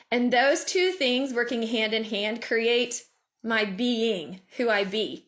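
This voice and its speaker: Lively woman on a video call. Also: fairly high pitch, slow. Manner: lively, laughs often, acts out inner voices. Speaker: guest speaker. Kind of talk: motivational talk.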